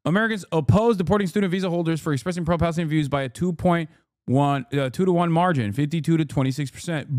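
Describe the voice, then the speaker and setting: A man rants through political commentary on a livestream, firing off profanity and jabs at his chat in quick, combative bursts. His voice sits fairly high for a man, and the sound is dry and close with no room around it. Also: darkish tone, no room sound. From lives in California. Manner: profane, combative, rapid-fire. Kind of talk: ranting reaction commentary to live chat.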